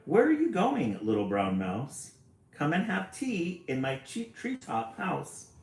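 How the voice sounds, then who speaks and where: A scheming storybook owl, as a man reads it out, falsely polite with swooping pitch. Slow delivery in an echoey room. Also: wildly swooping pitch, creaky, heavily acted. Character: predatory storybook owl, male.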